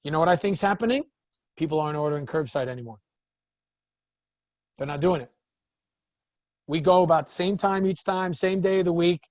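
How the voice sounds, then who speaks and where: Male business coach, higher voice, lively storyteller who acts out exchanges, close and dry sound. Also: brisk, pauses often, no echo, highs cut off. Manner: animated storytelling, acts out the other people in his stories. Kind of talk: talking to a group of business owners.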